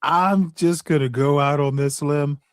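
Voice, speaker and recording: A man on a casual livestream panel, talking in a deliberate, argumentative way as he lays out his opinion. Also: a little high, fairly even intonation, clear, resonant tone, no echo.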